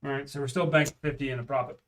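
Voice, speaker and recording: A man's voice: mid-range voice, steady tone, very fast, a bit bright, distant mic, a little hiss or hum. A man casually chatting on a live stream at home while practicing craps, calling out rolls and bets.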